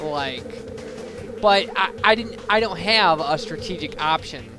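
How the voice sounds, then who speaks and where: A man's voice: fairly high pitch, expressive, takes it slowly. A young man giving casual, rambling game commentary, self-deprecating and full of fillers, while hiccuping. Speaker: let's play commentator. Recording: game music playing behind.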